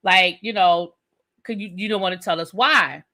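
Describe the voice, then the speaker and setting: A woman's voice: fairly low pitch, normal speed, bright, forceful tone. A woman hosting a live TV review, chatting casually with her viewers and repeating phrases for emphasis. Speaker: TV review host. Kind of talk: live recap and rant, casual chat.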